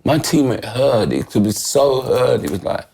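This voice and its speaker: A man's voice: medium pitch, sing-song, unhurried, mellow, a little hiss or hum. A middle-aged man, a former footballer guesting on a podcast, telling his story with drama and acting out voices. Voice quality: gravelly, husky. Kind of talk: animated storytelling in casual conversation.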